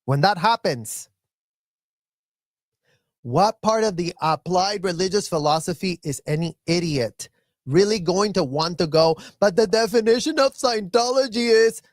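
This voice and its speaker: A man's voice: on the high side, dry recording, clean studio sound. A man giving heated, profane commentary, ranting in repetitive bursts about his upbringing. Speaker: commentator and former child member of the group. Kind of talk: angry commentary rant.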